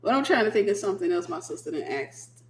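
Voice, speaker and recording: A woman minister hosting a casual late-night livestream, a sleepy, animated storyteller. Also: medium pitch, quick pace, reverberant, slight background noise. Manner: animated storyteller who acts out quoted voices.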